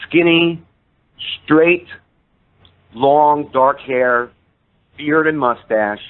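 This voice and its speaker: A man in his fifties, a podcast guest, telling a story casually and acting out the people he quotes with shifts in his voice. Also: medium pitch. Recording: tinny phone-line sound.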